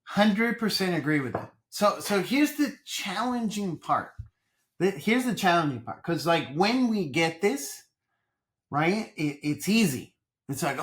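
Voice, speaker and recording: Here a Colombian business coach, interviewed as a podcast guest, speaks a little slowly in a voice that sits high. He tells animated, energetic stories and leans on repeated phrases.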